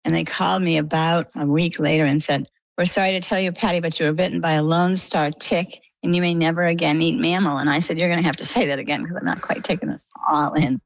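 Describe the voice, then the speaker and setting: A middle-aged woman with a low, gravelly voice, telling her story as an interview guest. She is a lively storyteller who plays out the dialogue. The sound is close and dry. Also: fast talker, dry recording, poor audio. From Maine, US.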